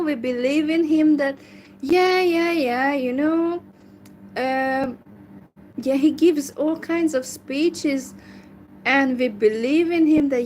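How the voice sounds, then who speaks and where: A woman talks slowly and haltingly, filling her pauses with ums and restarting her sentences. Her voice sits fairly high. She shares her opinions in a casual, conversational way. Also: darkish tone, slight background noise, low-quality recording. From Hungary. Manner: hesitant, many fillers and restarts. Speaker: language learner chatting with strangers.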